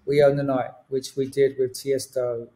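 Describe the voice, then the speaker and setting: A man chatting casually as a podcast guest, joking and telling a quick bar story. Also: mid-range voice, little pitch movement, noisy background. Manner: joking, banter, acts out quotes.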